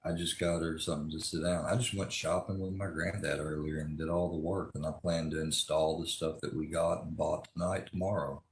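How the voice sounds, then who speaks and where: A man's voice: extremely low pitch, creaky, echoey room, a little hiss or hum. A man, ranting angrily and with lots of profanity during a livestream. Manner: angry, profane, rambling rant.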